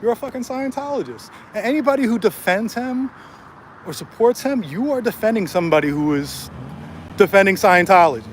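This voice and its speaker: Quick and high-pitched, with lively intonation, this man's voice comes from a cell phone livestream on a city street. He is furious, profane, and taunting toward a rival, and there is slight background noise.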